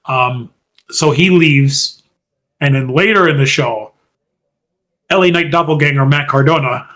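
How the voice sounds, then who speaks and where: A man's voice: medium pitch, fairly bright tone. A man co-hosting a podcast in casual chat, animatedly retelling events and acting out quotes in a raised voice. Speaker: podcast co-host.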